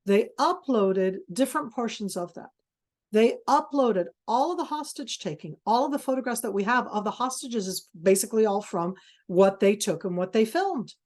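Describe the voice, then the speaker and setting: A woman with a mid-range, slightly mellow voice gives a passionate lecture as a webinar speaker over a video call. She's intense and emphatic, stopping and restarting as she hunts for words.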